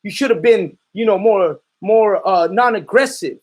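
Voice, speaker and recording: A man's voice: high voice, a little slow. A man preaching in a fiery, confrontational way, calling out his listeners and giving commands to a reader. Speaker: street preacher.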